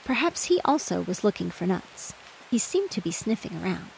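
Lady reading a bedtime story, soft n steady, gravelly fry, rain in the back. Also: mid-range voice, normal speed, a little hiss or hum. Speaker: audiobook narrator. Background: rain and distant thunder.

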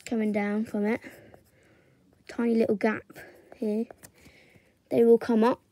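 Young woman, drawing tutor, unhurried and chatty, narrates step by step. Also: a little high, little pitch movement, mellow.

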